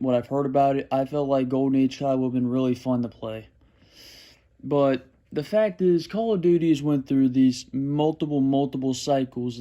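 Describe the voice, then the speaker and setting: Rambling young man with a mellow voice. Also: mid-range voice. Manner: rambling, restarts, frustrated sarcasm. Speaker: gaming commentary youtuber. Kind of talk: unscripted gaming rant.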